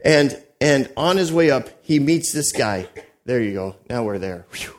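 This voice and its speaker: A pastor delivering a sermon, telling a story with animated asides to the congregation and frequent restarts. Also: male voice, mid-range voice, measured pace.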